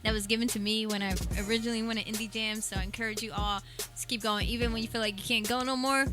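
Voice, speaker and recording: A woman's voice: fairly high pitch, flat delivery, quick pace, music in the background. A woman hosting a show, interviewing a guest casually and laughing often. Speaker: show host.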